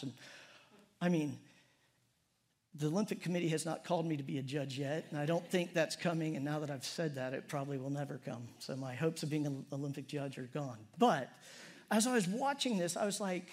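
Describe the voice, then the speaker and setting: A middle-aged man preaching a conversational, humorous sermon in a church. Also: brisk. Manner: conversational and humorous, prayer drops soft and low. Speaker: pastor.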